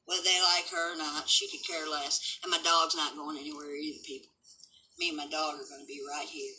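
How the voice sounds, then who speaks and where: Brief: older woman, 70s, home livestream host; combative and unfiltered, piercingly bright timbre. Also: low voice, little pitch movement, fairly quick, slight background noise, rough recording. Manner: blunt, combative, swearing, defiant. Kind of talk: unscripted livestream rant.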